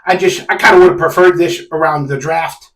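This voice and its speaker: A man's voice: on the high side, steady tone, moderate pace, a bit bright, distant mic. A man hosting a sports fan live stream, ranting casually and animatedly with sarcastic, exasperated outbursts. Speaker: sports fan channel host. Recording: echoey room, a bit off mic.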